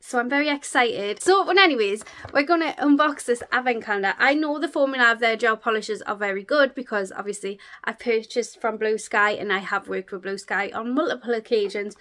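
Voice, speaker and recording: A woman's voice: on the high side, brisk, few pauses, a bit bright. A woman beauty vlogger chatting casually through a product unboxing, gushing, with many fillers.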